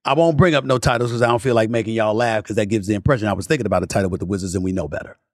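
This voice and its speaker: A man hosting a sports talk podcast, delivering an emphatic commentary monologue that climbs into passionate lists and drops into low, muttered asides. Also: very fast, dry recording, clean studio sound. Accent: New York. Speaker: podcast host.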